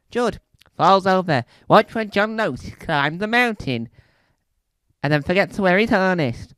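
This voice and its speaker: A man doing stand-up, telling a rambling comic story with animated, swooping intonation. His voice sits fairly high and comes through smooth and resonant. The sound is close and dry. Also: no echo. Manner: animated, rambling, acts out bits. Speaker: stand-up comedian. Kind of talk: comedic storytelling monologue.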